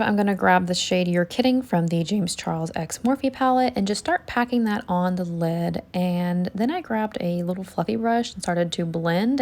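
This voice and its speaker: A woman narrating a makeup tutorial voiceover step by step in a relaxed way. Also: mid-range voice. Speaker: beauty vlogger.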